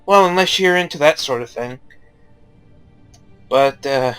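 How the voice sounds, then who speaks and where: A man's voice: mid-range voice, unhurried, fairly bright tone, smooth, faint music behind. A young man giving casual, rambling game commentary, joking and swearing freely. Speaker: gaming YouTuber.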